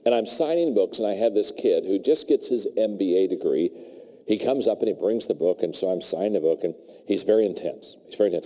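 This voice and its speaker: Animated male keynote speaker in a hall. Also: deep voice, brisk, a little hiss or hum. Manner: animated, jokey anecdotes. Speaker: leadership speaker. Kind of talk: storytelling keynote talk. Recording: long hall reverb.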